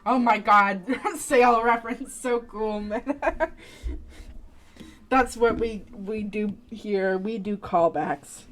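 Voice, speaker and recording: Woman streamer, unhurried rambling chat, profane, giggly. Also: medium pitch, a bit bright. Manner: rambling, profane, laughs often. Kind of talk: casual live-stream chat.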